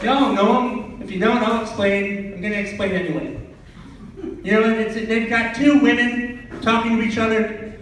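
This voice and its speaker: A man from Vermont doing stand-up in a small club, sarcastic and ranting, his voice high for a man. The room is very echoey and he sounds distant from the microphone, with a faint hiss underneath. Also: steady tone, normal speed. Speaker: stand-up comedian. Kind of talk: stand-up comedy set. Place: small comedy club stage.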